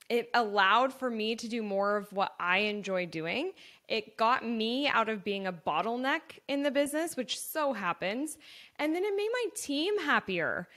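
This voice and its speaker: A woman's voice: on the high side, a bit bright. A woman in her thirties hosting her own podcast, talking casually and earnestly about her business, with lots of "like" and "so". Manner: chatty and earnest, full of "like" and "so". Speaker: podcast host and business owner. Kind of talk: casual solo podcast talk.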